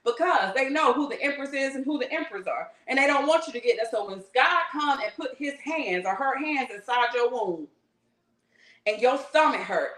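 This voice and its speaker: Fervent high-voiced woman preaching. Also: a bit bright. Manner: fervent, slangy, blunt with swearing. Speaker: spiritual teacher. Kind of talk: impassioned spiritual workshop talk. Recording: roomy echo.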